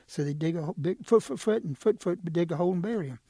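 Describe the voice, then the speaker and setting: A middle-aged man spins folk tales in a playful, rhythmic way, now and then stumbling over a word. His voice is fairly high with a slight huskiness. The sound is dry and close. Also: fast talker, dark tone, breathy edge, no room sound. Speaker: storyteller. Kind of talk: oral storytelling.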